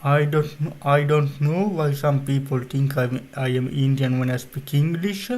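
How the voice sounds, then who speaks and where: Slow-talking Italian-accented man. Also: mid-range voice, fairly even intonation, a little mellow. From Italy. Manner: rambling, unpolished non-native phrasing. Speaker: streamer. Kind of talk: casual chat on stream.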